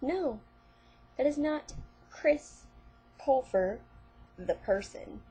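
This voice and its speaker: A woman's voice: sits high, expressive, very slow, dark tone, husky. A woman vlogger reading fan fiction aloud, breaking in with sarcastic, mocking commentary.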